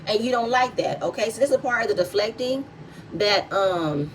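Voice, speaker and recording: A woman's voice: on the high side, expressive, brisk, distant mic, slight background noise, low-quality recording. A woman hosting a reality TV recap vlog, giving blunt, heated and profanity-laced commentary.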